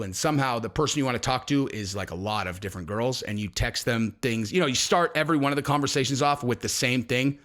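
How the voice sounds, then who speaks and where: A man's voice: mid-range voice, quick pace, few pauses, fairly bright tone. Rambling, foul-mouthed male comedian. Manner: loose, rambling, profane delivery. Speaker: comedian host. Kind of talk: comedic commentary.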